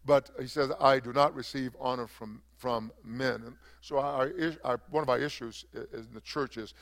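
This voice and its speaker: A man's voice: mid-range voice, fairly even intonation, normal speed, fairly bright tone. An older man, a pastor, preaching a sermon with rising emphasis, often stopping for fillers and restarts.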